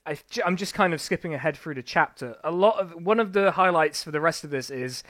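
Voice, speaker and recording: A man in a casual chat about a book, relaxed and a little hesitant. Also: on the high side, fast talker, no room sound, studio quality.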